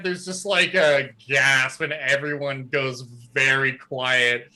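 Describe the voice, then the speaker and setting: Male game master, casual rambling narration, bright tone. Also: mid-range voice, fairly even intonation, slow pace. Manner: casual, filler-heavy narration.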